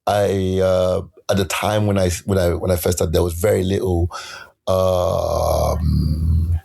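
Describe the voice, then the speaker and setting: A man, a musician and poet, telling stories in a casual interview, animated and acting out quotes in other voices. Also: deep voice, slow, creaky, husky. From United Kingdom. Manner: animated, laughing, acts out quotes in shifting voices.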